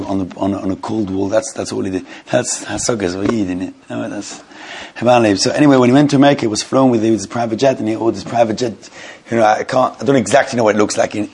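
Male teacher, husky voice, halting and repetitive delivery, informal religious lesson. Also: lowish voice, darkish tone. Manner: halting and repetitive, often restarts phrases; mixes Hebrew and Yiddish terms into English. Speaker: Torah class teacher.

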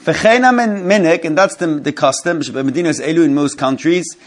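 Man teaching a religious text class. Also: a little high. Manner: reads Hebrew text in a quick mumble, then explains it slowly in English; restarts and repeats phrases, asks the class questions. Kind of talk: Torah study class, explaining a legal text.

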